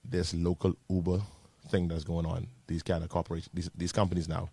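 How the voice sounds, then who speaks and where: A pastor with a Bahamian accent hosting a casual radio panel talk, reading out listener messages and steering the topics. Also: male voice, sits low, completely flat delivery, fairly quick, creaky, mellow, husky, no room sound. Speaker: pastor and radio show host. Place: radio studio.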